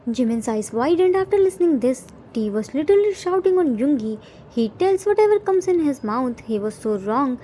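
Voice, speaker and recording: A woman reading a fan fiction story aloud in plain, steady narration. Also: high voice, moderate pace, a little hiss or hum, rough recording.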